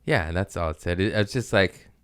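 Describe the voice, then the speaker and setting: Deep-voiced man rambling crudely. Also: animated, normal speed, fairly bright tone, smooth. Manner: rambling, crude, self-mocking and laughing often. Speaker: podcast host. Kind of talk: casual solo chat.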